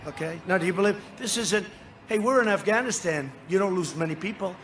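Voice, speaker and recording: Speaking briskly in a high voice with a fairly bright tone, a political speaker addresses a large crowd at an outdoor rally. His campaign speech is boastful and meandering, full of banter with the audience from the stage, and a little hiss or hum is audible.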